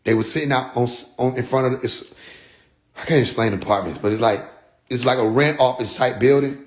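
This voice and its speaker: A young man recounting a personal story in a casual, profane way. He talks at a mid pitch, getting loud and animated at the heated moments, then drops low for quiet asides. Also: a little fast.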